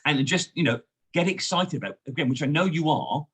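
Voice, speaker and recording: A man, a sales trainer and guest, coaching in a lively, emphatic way. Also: a little high, brisk, slightly rough. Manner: lively, emphatic coaching with frequent "you know". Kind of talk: coaching conversation.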